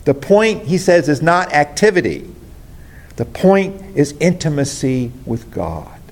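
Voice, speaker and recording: A man's voice: on the high side, sing-song, measured pace, a little mellow. A man pastor preaching a sermon, earnest and preacherly, addressing the congregation directly.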